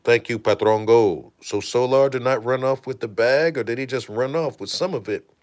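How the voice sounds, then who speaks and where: A man hosting a casual livestream, retelling events in an animated, profane storytelling manner and thanking viewers. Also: medium pitch, moderate pace. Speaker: host.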